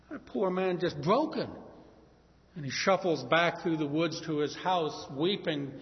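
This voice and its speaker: A preacher telling a story in a sermon, acting out the characters' voices and swinging between loud calls and hushed lines. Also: male voice, fairly high pitch, lively intonation, unhurried. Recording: muffled recording in a reverberant hall.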